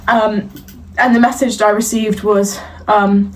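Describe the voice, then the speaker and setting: A woman's voice: mid-range voice, steady tone, moderate pace. A young woman co-hosting a podcast, ranting in exasperation with lots of ums and fillers. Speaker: podcast co-host. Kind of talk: casual chat. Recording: distant mic, faint noise.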